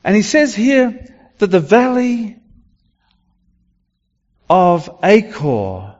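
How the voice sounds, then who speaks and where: A man delivers a sermon at an unhurried pace, stopping and restarting his phrases as he goes. His voice sits a little high for a man. The recording is dull and lo-fi, with a long hall reverb. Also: huge pitch swings, darkish tone. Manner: halting, with many restarts and fillers. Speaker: preacher.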